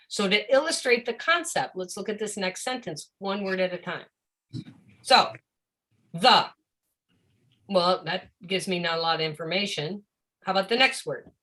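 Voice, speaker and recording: A woman teaching a live-streamed presentation on reading for deaf children, animated and often acting out a confused child's voice. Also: mid-range voice. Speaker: educator of deaf students.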